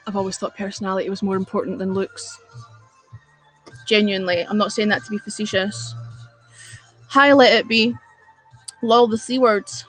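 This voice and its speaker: A woman's voice: mid-range voice, fairly even intonation, moderate pace, long pauses, fairly bright tone, faint music behind. A woman chatting with viewers on a livestream, blunt and full of swearing as she rants. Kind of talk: casual live-stream chat.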